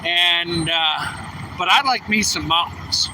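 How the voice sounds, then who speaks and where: A tired trucker livestreaming outdoors, chatting casually and reading viewer comments aloud. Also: male voice, takes it slowly. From New England. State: a little tired. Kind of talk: casual live stream chat. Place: outdoors at a truck distribution center. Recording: distant phone mic with faint traffic noise. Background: trucks rumbling.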